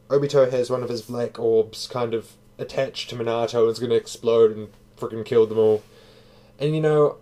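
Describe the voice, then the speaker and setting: A man's voice: mid-range voice, warm tone. A man giving a casual spoken review, tired, talking loosely and profanely with fillers. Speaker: manga reviewer.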